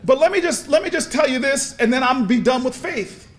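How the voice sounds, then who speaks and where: A man giving an impassioned, preacher-style speech at a convention, telling stories with repeated words and building to shouts. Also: extremely high pitch, expressive, fairly quick. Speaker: speaker at a convention. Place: large convention hall.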